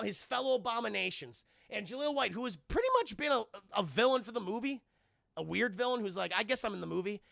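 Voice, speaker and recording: A man's voice: high voice, gravelly, pushed and bright, no echo, clean studio sound. A man streaming a casual, profane scene-by-scene film review, talking to his chat. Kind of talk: casual live-stream movie commentary.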